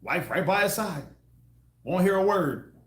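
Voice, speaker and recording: A man preaching with a high voice that swings wide in pitch. He keeps breaking into loud acted-out quotes, and the room around him is echoey. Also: measured pace. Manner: animated, acts out quoted voices with loud bursts. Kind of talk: street sermon teaching.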